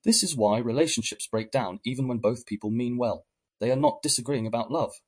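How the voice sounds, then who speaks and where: Husky-voiced man narrating calmly. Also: medium pitch. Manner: measured, explanatory, reflective. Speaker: podcast host. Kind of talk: scripted reflective narration.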